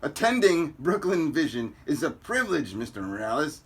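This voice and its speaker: A man's voice: a little high, very animated, moderate pace, fairly bright tone, slightly rough, heavily acted. A man reading a comic aloud, voicing a stern middle-aged school principal with formal, clipped delivery.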